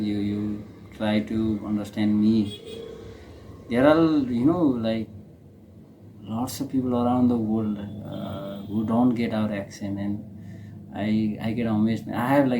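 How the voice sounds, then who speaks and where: Slow, hesitant Nepali-accented man. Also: fairly low pitch, warm tone, slight background noise, low-quality recording. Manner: hesitant, many fillers and restarts. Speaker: reaction video host. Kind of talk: casual commentary.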